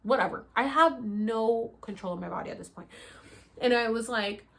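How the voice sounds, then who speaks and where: A young woman vlogger telling a story casually and animatedly, acting out her own pleas in high, loud bursts and swearing freely. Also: moderate pace, vocal fry.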